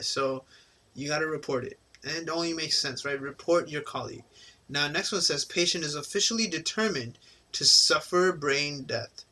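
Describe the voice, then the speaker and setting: Man lecturing, casual, fairly high voice, bright tone, keeps checking in with listeners. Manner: casual, repeats "right?" to check understanding; acts out quoted people in passing. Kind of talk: recorded exam-prep lecture.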